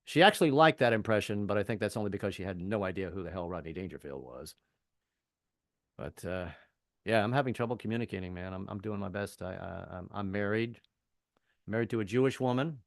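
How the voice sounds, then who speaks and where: A man's voice: on the low side, expressive, brisk, gravelly, no room sound, studio quality. An older man from the American South doing a rambling, self-deprecating stand-up set with frequent stammered restarts. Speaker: stand-up comedian.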